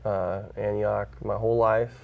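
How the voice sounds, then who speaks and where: A man's voice: fairly low pitch, little pitch movement, measured pace, vocal fry, distant mic, phone-quality sound. A man from California, a pastor who is a guest on an interview show, earnestly telling his own story and acting out the voices he quotes. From California, USA.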